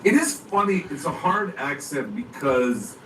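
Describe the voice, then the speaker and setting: A man, an actor being interviewed, chatting casually, animated and laughing often as he acts things out. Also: on the high side, measured pace. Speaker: actor guest. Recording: echoey room from far off with faint noise.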